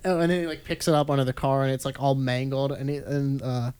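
A man's voice: medium pitch, steady tone, fast, a little mellow, clear, resonant tone. A man in casual podcast banter, teasing his co-host and laughing often. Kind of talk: casual chat.

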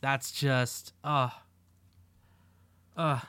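A man co-hosting a pop-culture podcast, chatting casually with animated, laughing delivery and swearing. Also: medium pitch, drawn-out words, clear, resonant tone, dry recording. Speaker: podcast co-host. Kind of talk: casual chat.

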